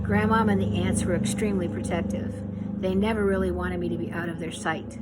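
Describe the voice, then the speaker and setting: A woman from Pittsburgh reading her memoir aloud in an unhurried, reflective way, now and then correcting herself. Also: lowish voice, a little hiss or hum, rough recording. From Pittsburgh, USA.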